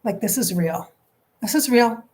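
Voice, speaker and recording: A woman's voice: fairly high pitch, lively intonation, a little slow, darkish tone. A woman psychic medium on a live stream, relaying messages emotionally and dropping into whispered asides. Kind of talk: live-stream channeling session.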